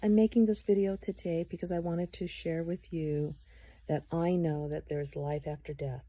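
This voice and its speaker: A middle-aged woman telling a personal testimony in a gentle storytelling manner, quoting conversations as she goes. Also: on the low side, steady tone, moderate pace, no room sound. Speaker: testimony speaker.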